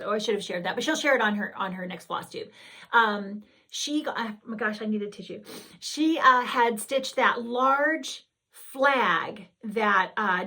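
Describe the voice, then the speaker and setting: Woman host, a bit high-pitched, casual show-and-tell chat, effusive and rambling. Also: fairly bright tone. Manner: gushing, rambling, with frequent self-corrections. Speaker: needlework video host.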